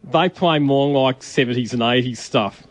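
A man's voice: medium pitch, moderate pace, rough recording. A man with an Australian accent chatting casually on a radio show in a plain, matter-of-fact way. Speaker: radio station staffer.

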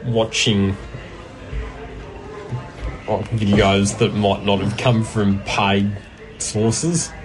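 A man's voice: on the low side, flat delivery, extremely slow, long pauses, low-quality recording. Plain, matter-of-fact Australian guy on radio, faint music under him. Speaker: radio station staffer. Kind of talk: casual radio chat.

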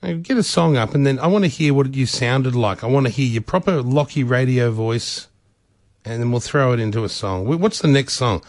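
A man's voice: medium pitch, fairly quick, no room sound, studio quality. A man with an Australian accent hosting a radio show, teasing his co-workers in crude, mocking banter. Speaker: radio host.

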